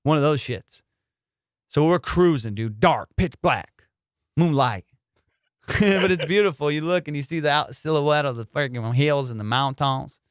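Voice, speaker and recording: Male comic host, excitable profane storyteller, smooth higher voice, dry close sound. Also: moderate pace, no echo. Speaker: comedian podcast host. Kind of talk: animated storytelling.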